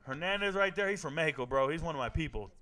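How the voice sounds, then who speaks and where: A man's voice: a little high, lively intonation, fast, sharp tone. A man streaming his reactions to live fights. He jokes, repeats lines, and talks straight to his viewers. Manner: joking, repeats himself, talks straight to chat. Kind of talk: casual live-stream commentary.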